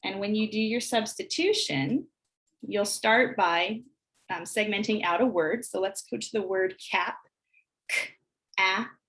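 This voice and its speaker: An American woman demonstrating early literacy exercises, sounding out words slowly and deliberately. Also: mid-range voice, fairly bright tone. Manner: slow, deliberate sounding out of phonemes. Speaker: teacher trainer. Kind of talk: instructional screencast demonstration.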